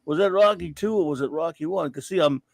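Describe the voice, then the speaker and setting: Man doing a slow-witted boxing champ, halting mumble, gravelly, dry close sound. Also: a little high, darkish tone, dry recording. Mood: dopey. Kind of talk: comic celebrity impression.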